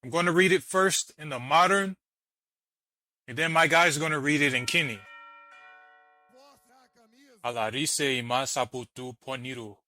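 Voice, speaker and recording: A man's voice: fairly high pitch, normal speed, sharp tone, rough recording. A man hosting a reaction video, arguing and mocking while he explains letter by letter. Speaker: channel host reacting to a debate clip. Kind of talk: argumentative commentary.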